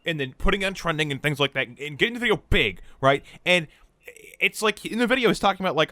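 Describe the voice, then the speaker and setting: A man's voice: high voice, very animated, moderate pace, sharp tone. A man co-hosting a podcast, explaining at length and steering the conversation back on track. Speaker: podcast co-host. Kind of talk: casual chat.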